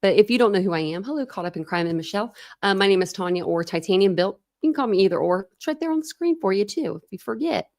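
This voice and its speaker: A woman's voice: mid-range voice, lively intonation, quick pace, hardly any pauses, a little mellow. A woman in her thirties hosting a true crime livestream, chatting casually, laughing and greeting viewers by name.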